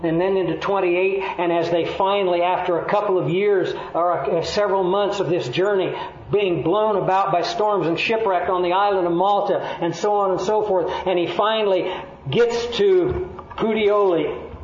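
A man's voice: high voice, steady tone, moderate pace, a little hiss or hum. A man preaching a sermon, telling stories earnestly and acting out the people he quotes. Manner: storytelling, earnest, acts out quoted voices. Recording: echoey hall, dull lo-fi sound.

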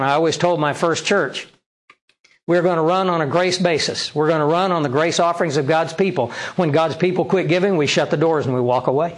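A male pastor preaching a sermon, reading scripture aloud and pressing the congregation with rhetorical questions. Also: fairly high pitch. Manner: reads scripture aloud and explains it.

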